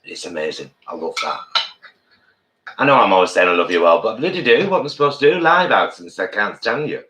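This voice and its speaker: Man, co-host of a live-stream meal chat, low bright voice, jokey and warm-hearted. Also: animated, fast talker. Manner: playful, jokey, affectionate. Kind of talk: casual live-stream chat while eating.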